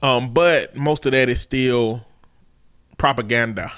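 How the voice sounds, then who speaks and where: Measured man on a dry, close mic. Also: medium pitch, fairly bright tone, clean tone, no room sound. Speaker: podcast co-host. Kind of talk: casual chat.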